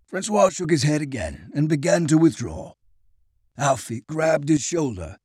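A man narrating an audiobook chapter in an expressive storytelling voice. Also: a little high, measured pace, husky, no echo, studio quality. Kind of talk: scripted narration.

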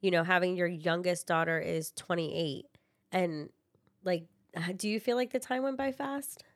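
A woman's voice: on the low side, normal speed. A woman co-hosting a family podcast, asking her mother questions and answering with short affirmations. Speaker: podcast co-host, daughter. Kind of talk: casual family chat.

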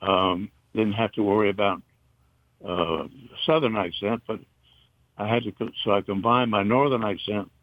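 An older man from North Carolina, a retired broadcaster, reminiscing in a halting, rambling way with many fillers. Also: on the low side, fairly even intonation, no room sound. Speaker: interview guest, retired broadcaster. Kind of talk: casual reminiscing. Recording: dull, muffled dry recording.

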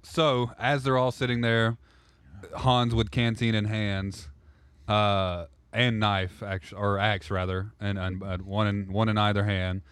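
Low, clear-voiced male game master. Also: level tone, unhurried, a bit bright, no room sound. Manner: loose, rambling narration with self-corrections. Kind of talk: narrating a role-play podcast.

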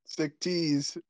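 A man hosting a casual live audio chat, relaxed and joking as he calls on speakers. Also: fairly high pitch, dry recording. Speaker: host.

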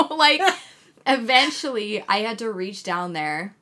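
A young woman chatting casually as a podcast co-host, telling a blunt, heavily sworn, animated story. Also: medium pitch, fairly quick, a little hiss or hum. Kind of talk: casual chat.

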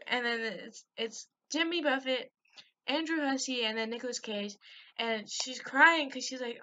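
A woman's voice: fairly high pitch, moderate pace, pushed and bright, lo-fi sound. Giggly rambling young woman podcaster. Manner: giggly, rambling recap with lots of fillers and swearing. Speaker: podcast host. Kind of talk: rambling solo podcast chat. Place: at home, on a call with a friend.

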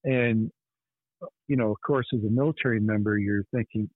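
A podcast host telling a personal story in an earnest, intense way. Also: male voice, lowish voice, steady tone, normal speed, dry recording. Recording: tinny phone-like line, dry.

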